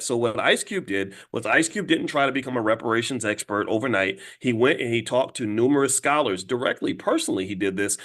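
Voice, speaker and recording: Fast-talking emphatic man. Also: a bit bright. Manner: fast, emphatic, acts out dialogue with jumps in pitch. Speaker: finance commentator addressing an audience. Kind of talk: animated monologue.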